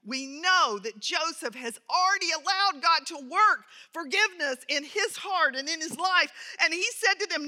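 A woman's voice: very high voice, lively intonation, normal speed, hardly any pauses, bright, forceful tone. A woman teaching a Bible lesson who tells an anecdote, reads scripture aloud and adds earnest commentary. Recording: reverberant hall.

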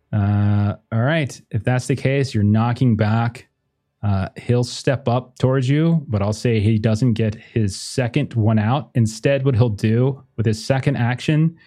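A man's voice: mid-range voice, mellow. A man running a tabletop game as game master, thinking aloud with many fillers and laughing often as he talks. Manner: laughs often while talking. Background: faint music.

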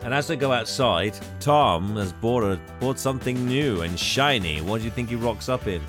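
A man's voice: mid-range voice, expressive, normal speed, music in the background. A man casually retelling a film's plot on a podcast, laughing often and hamming up the characters' lines. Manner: laughs often, acts out characters in exaggerated voices. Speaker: podcast co-host. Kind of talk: casual film recap chat.

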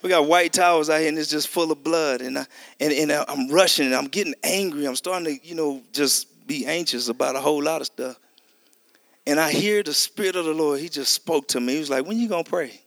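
A man's voice: a little high, a little fast, creaky, fairly bright tone, dry recording, clean studio sound. A middle-aged man preaching a testimony sermon, telling a story animatedly and acting out the dialogue. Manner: conversational, addresses listeners as y'all.

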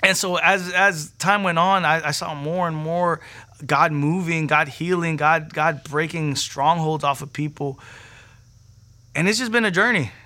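A preacher telling his personal testimony in a casual, animated way, using slang, acting out the people he quotes and repeating words when excited. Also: a little high, a little slow.

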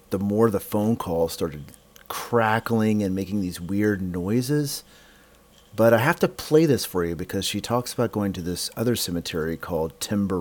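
A man narrating a podcast in a relaxed, musing way. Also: low-pitched. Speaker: podcast host.

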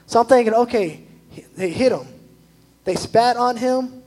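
A young male youth pastor preaches in a loose, conversational way, scattering "like" through his sentences. His voice sits high and has a husky edge. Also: fairly quick, rough recording. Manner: chatty, animated, full of "like" asides. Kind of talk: casual sermon.

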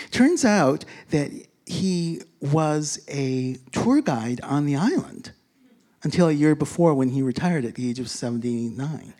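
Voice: mid-range voice, expressive, normal speed, darkish tone. A speaker telling a casual travel anecdote, rambling with many fillers and restarts, chuckling along and acting out what others said. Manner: rambling, full of fillers and self-corrections; chuckles while telling, acts out quoted speech. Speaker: storyteller. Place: lives in a big city, abroad on a trip.

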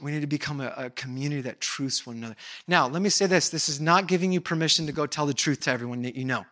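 A man preaching a sermon as pastor of a church, lively and conversational, acting out short bits of dialogue and dropping from loud emphasis to hushed asides. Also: on the high side, fast. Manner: animated, acts out dialogue, swings between loud and hushed.

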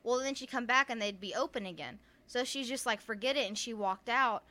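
A woman's voice: fairly high pitch, brisk, bright, forceful tone. A woman with a Southern US accent, co-hosting a podcast and casually retelling ghost stories, full of filler words and laughter. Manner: chatty, many "like" fillers, laughs often. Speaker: podcast co-host.

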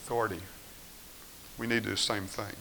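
A man preaching a sermon, reading scripture and moving between quiet firm statements and raised, pleading voices. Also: on the low side, level tone, a little fast, creaky, a little hiss or hum, rough recording.

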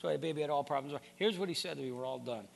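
A man delivers a sermon in an earnest, pleading way, stumbling over repeated words as he builds his points. His voice is gravelly with fry and sits a little high for a man. A faint hum runs under the recording. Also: rapid-fire. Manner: earnest, repeats words when starting sentences. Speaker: pastor.

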